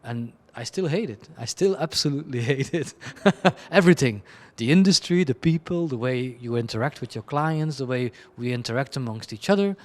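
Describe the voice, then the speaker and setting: A man's voice: medium pitch, normal speed. A man, a creative director, answering interview questions in a candid, chaotic way, bluntly and with self-deprecating asides. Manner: chaotic, rambling, frequent restarts and laughs.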